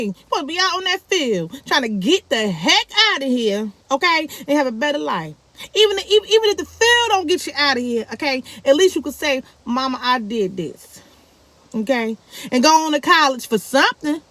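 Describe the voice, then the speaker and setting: A woman's voice: brisk, no echo. A woman vlogger, telling a family story casually to her viewers and acting out the quoted lines. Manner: animated, acts out quoted speech with big pitch jumps.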